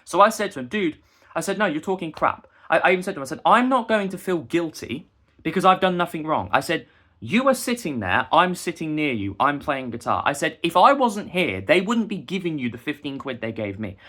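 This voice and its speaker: A man's voice: on the high side, very animated, brisk, fairly bright tone. A young man, delivering a heated, indignant rant straight to the camera. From England. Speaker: busker and vlogger. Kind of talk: ranting monologue to camera.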